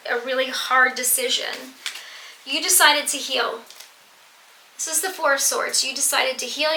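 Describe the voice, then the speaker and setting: A woman giving a tarot reading to her viewers, earnest and emphatic, repeating phrases for stress. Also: high-pitched. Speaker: tarot reader. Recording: echoey room with faint noise.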